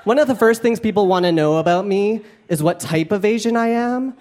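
A young man doing a stand-up comedy set, animated and campy, with playful asides to the crowd. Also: high-pitched, fairly quick. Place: live comedy club stage. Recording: live club recording with crowd. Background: audience laughter.

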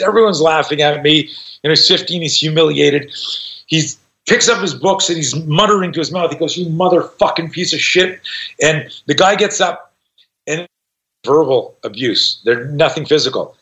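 A middle-aged man on a podcast tells a story in a casual, profane way, acting out the other voices. His voice sits fairly high for a man. The recording is slightly dull and lo-fi. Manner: profane, animated, acts out quoted voices. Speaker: podcast guest.

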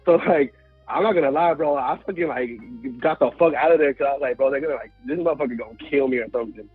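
A man's voice: medium pitch, fast, slightly rough, no room sound, phone-quality sound, soft background music. A man in his twenties from Houston telling a story casually, full of slang, swearing and fillers. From Houston, Texas. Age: 20s. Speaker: guest storyteller.

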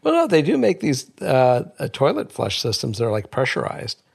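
A man guest co-hosting a casual chat, joking and halting with restarts. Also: mid-range voice, wildly swooping pitch, vocal fry, breathy edge. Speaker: guest co-host.

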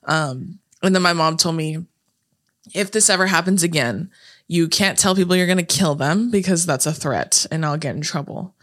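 A young woman telling a story in casual chat, animated, swearing freely and laughing often. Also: lowish voice, normal speed.

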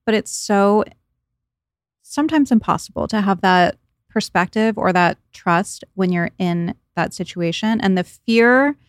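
A woman hosting a podcast, asking thoughtful questions and giving soft affirmations. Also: medium pitch, unhurried, no echo, clean studio sound. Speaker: podcast host. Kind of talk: interview conversation.

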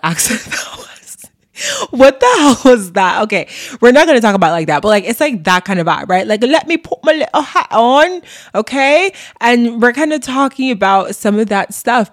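A woman hosting an astrology podcast, talking through the month's forecast in a casual, chatty way with lots of fillers and the odd laugh at herself. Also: fairly low pitch.

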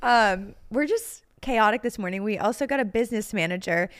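A woman's voice: medium pitch, brisk. A young woman co-hosting a podcast, chatting casually, giggling often and rambling through her stories. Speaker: podcast co-host. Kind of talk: casual chat.

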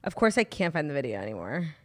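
A young woman co-hosting a podcast, telling gossip in a fast, animated way with many fillers. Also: low-pitched. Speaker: podcast co-host. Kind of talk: casual gossip chat.

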